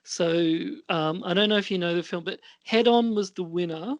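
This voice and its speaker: A man's voice: high-pitched, moderate pace, slight background noise. A man co-hosting a podcast, chatting casually about films in a rambling, hesitant way with many fillers. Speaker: podcast co-host. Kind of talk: casual film chat.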